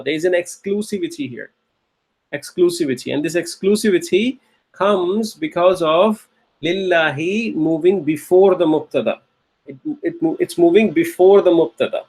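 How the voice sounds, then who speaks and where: A man's voice: high voice, normal speed, a little mellow, slightly rough. A man teaching a recorded Arabic grammar lecture, patiently repeating key phrases and often checking with "okay?".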